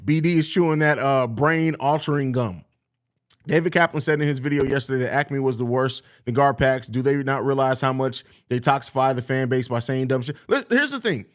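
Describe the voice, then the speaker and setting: A man's voice: mid-range voice, a little fast. A man hosting a live sports talk show, reading viewer questions and answering in a blunt, profane, ranting way. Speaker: podcast host reading chat questions.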